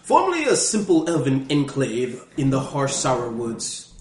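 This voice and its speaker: A dungeon master with a mid-range, darkish voice speaks a little slowly, his pitch swooping wildly as he puts on a British accent to play a haughty scholar reading a fantasy guidebook aloud. The delivery is grandiose, mock-grand and theatrical. One USB mic in the middle of the table captures it in an echoey room.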